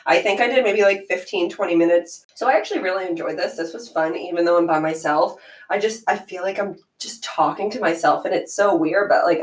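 A young adult woman hosting a podcast alone, telling a story in casual chat full of "like" and fillers. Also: fairly low pitch. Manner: chatty, filler-heavy with frequent "like". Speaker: podcast host. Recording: echoey room.

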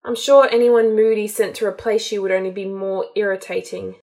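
A woman's voice: medium pitch, fairly even intonation, moderate pace, darkish tone, close to an everyday voice. A woman reading a storybook, voicing a cool, sardonic young male wizard with a dry, dismissive manner.

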